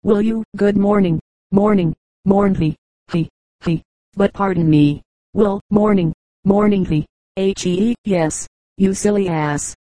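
A reader voicing a pompous young man who speaks halting, broken English and keeps stammering and repeating words. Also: mid-range voice, dark tone, dry recording, close to an everyday voice, poor audio. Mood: blustering.

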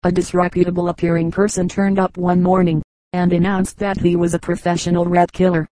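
Mellow-voiced woman narrating an audiobook. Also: fairly low pitch, little pitch movement, brisk, dry recording, low-quality recording. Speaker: audiobook reader. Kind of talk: scripted narration.

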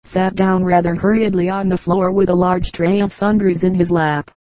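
A woman reading an old humorous magazine piece aloud as an audiobook, in an even, unhurried manner. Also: fairly low pitch, dry recording, rough recording. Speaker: audiobook reader.

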